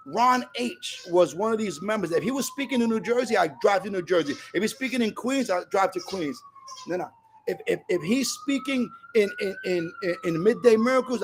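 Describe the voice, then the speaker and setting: A man's voice: high-pitched, husky. A man giving a passionate, repetitive personal share at a recovery meeting, telling stories.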